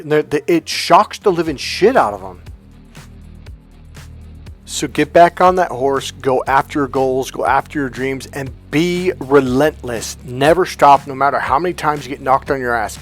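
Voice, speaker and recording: A man giving a motivational vlog monologue as a coach, blunt, profane and emphatic. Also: medium pitch. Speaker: relationship coach.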